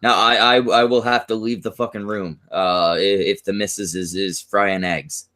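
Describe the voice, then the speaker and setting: Man, casual chat guest, hesitant, lowish voice. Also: steady tone, normal speed, bright, forceful tone. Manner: hesitant, many fillers and restarts.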